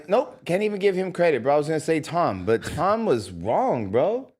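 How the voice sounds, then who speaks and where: Animated joking man, lively pitch. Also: normal speed, few pauses, slightly rough. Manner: animated, joking, says "bro" a lot. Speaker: podcast co-host. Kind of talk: casual chat.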